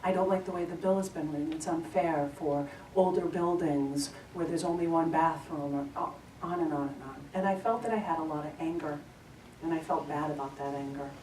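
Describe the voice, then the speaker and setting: A woman's voice: low voice, brisk, darkish tone. A woman leading a spiritual gathering, giving announcements and telling a heartfelt personal story with earnest feeling. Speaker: service leader giving announcements. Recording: echoey room, from far off, faint noise.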